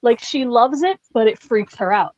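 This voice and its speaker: A woman telling stories as a guest in a casual podcast chat, animated and full of "like". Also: on the high side, moderate pace, no room sound, muffled recording.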